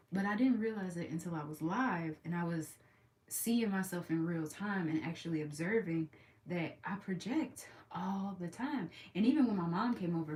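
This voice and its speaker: Chatty woman vlogging from bed, roomy echo. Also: distant mic. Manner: chatty, expressive, switches between loud projected talk and soft calm low talk. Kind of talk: casual chat to followers. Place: her bedroom, in bed.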